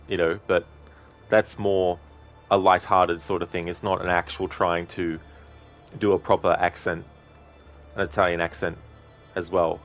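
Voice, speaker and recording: Man, gaming streamer, deep low voice, rambling casual chat, faint music behind. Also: fairly bright tone. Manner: rambling, talkative, answers chat directly. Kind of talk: casual live-stream chat while playing.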